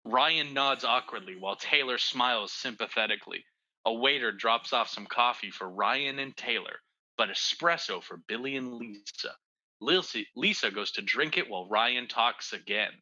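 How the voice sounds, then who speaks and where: Excitable teasing man, very bright voice. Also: moderate pace, highs cut off. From Canada. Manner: excitable, teasing, jumps up in pitch. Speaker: podcast co-host reading a script. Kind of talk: casual comedic chat and script reading. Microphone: video call.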